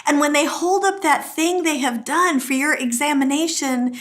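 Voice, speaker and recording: Middle-aged woman teaching, bit high voice, acts out little quotes as she tells stories. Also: normal speed. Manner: lively storytelling, acts out quotes. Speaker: marriage course teacher. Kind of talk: teaching talk to camera.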